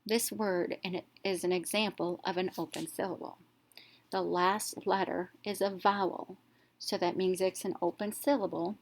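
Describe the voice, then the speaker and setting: A woman teacher narrating a reading lesson, explaining step by step and sounding out letters clearly. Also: on the low side.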